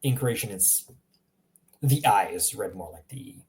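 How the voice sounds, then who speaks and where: A man giving a casual language lesson, saying example words again and again in a relaxed way with small laughs. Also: lowish voice, a little slow. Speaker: language teacher.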